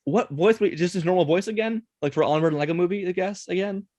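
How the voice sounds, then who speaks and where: Fast-talking male podcast host. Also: high voice, darkish tone, no echo. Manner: quick, chatty, runs the segments. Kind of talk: casual chat.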